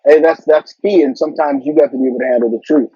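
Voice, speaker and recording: Husky middle-aged man giving career advice. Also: a little high, steady tone, fast, dark tone, no echo. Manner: earnest, advice-giving, with frequent repeated words. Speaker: interview guest, corporate marketing executive. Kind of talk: casual conversational interview. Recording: dull, lo-fi sound.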